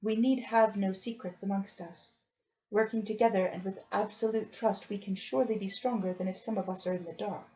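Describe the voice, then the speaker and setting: Woman voicing a resolute young victorian wife, soft, appealing, muffled lo-fi sound. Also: medium pitch, fairly even intonation, fairly quick, close to an everyday voice. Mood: earnest. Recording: dull lo-fi recording.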